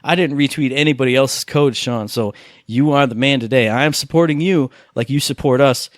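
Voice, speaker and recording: Male podcast co-host, mid-range voice, dry close sound, excitable rambler. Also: medium pitch, a little fast, no echo. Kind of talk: casual gaming chat.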